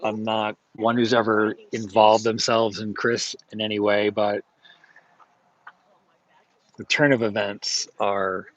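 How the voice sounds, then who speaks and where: A man's voice: fairly low pitch, level tone, slow, long pauses, no echo, highs cut off. Rambling man chatting from a flea market stall. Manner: rambling, with many fillers and self-corrections. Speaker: streamer selling at a flea market. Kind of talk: casual live-stream chat.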